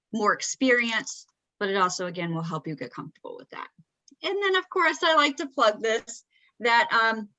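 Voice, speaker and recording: A woman's voice: on the high side, sharp tone, no echo, lo-fi sound. A woman with a Southern accent giving a conversational talk, often checking in with "right?". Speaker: presenter. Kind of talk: presenting a talk.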